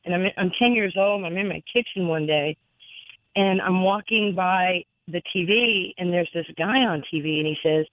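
A middle-aged woman, a radio guest, telling a personal story with many fillers and an earnest, halting way of talking. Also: on the low side, dry recording. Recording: tinny phone line, dry.

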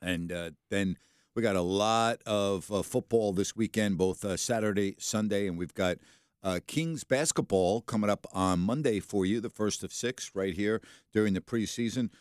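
Low-voiced male sports radio host. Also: moderate pace, clean tone, dry recording, clean studio sound. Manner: animated storyteller, laughs while telling. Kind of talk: casual radio chat and storytelling. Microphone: studio microphone.

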